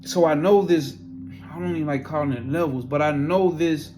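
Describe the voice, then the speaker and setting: A man casually telling a spiritual experience story in a profane, animated way. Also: on the high side, moderate pace, faint music behind.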